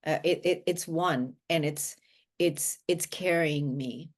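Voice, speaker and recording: A woman's voice: deep voice, takes it slowly. A woman guest, a life coach, speaking earnestly in a conversational interview, often restarting her sentences. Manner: earnest, with frequent restarts and filler words.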